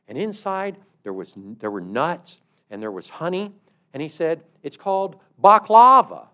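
A middle-aged man preaching a sermon in a conversational, storytelling way, stressing words emphatically. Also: fairly high pitch.

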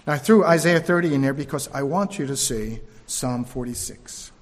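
A male preacher giving a sermon, swinging between loud emphatic lines and hushed, slow ones. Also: mid-range voice, big-room sound.

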